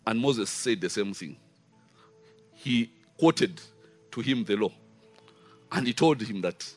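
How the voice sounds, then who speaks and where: A man preaching a sermon, emphatic and full of rhetorical questions. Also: medium pitch. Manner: animated, rising and falling emphasis with rhetorical questions.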